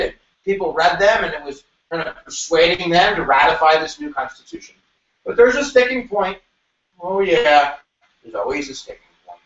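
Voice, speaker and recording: A man teaching a review lecture to a class, animated and jokey, with sudden shouts and quick asides. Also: sits high. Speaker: history teacher. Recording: echoey room, mic at a distance, dull sound.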